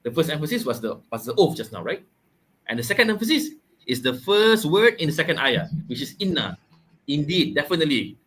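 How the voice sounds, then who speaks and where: A man explains scripture in a relaxed podcast chat. His voice is fairly high and bright. He stops often, repeats himself, and reaches for homely examples. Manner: halting, repeats words, explains with everyday examples. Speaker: podcast co-host explaining a Quran chapter. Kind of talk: casual religious discussion.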